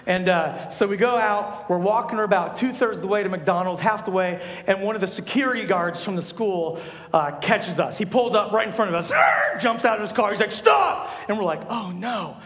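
Young male pastor, high voice, animated sermon storytelling, long hall echo. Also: brisk. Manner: animated storytelling, rises to shouts. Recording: echoey hall.

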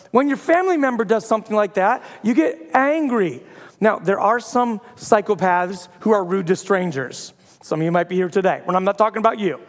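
Man, 30s, pastor; high, joking sermon delivery with shouted outbursts; big reverberant room. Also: fairly quick. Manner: storytelling with playful humor and loud bursts. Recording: long hall reverb.

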